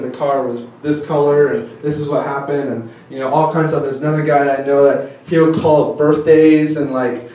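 A fairly high-voiced young man preaches in a loose, chatty way, piling up fillers as he tells stories with enthusiasm. He sounds distant from the mic, his voice echoing around a big hall with a faint hum beneath. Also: dark tone. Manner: rambling, filler-heavy, enthusiastic storytelling. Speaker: conference speaker. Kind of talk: casual sermon teaching. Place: church hall. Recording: echoey hall from far off.

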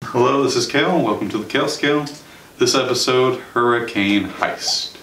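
A young man hosting a casual movie review, chatty and sarcastic, with quick joking asides. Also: mid-range voice, fairly bright tone, a little hiss or hum. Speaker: show host and movie reviewer. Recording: roomy sound from a distance.

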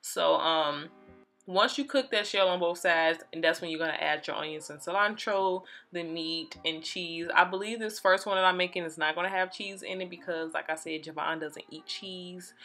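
A young adult woman casually walking viewers through a recipe in her home kitchen, chatty and relaxed. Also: low voice, moderate pace, soft background music. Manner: chatty, relaxed, addresses viewers as y'all and you guys. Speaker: cooking vlogger. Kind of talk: casual cooking tutorial. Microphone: phone camera.

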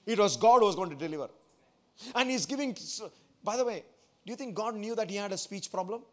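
A man's voice: high-pitched, quick pace. A man, a pastor, preaching a sermon to his church, asking the congregation questions and repeating phrases for emphasis.

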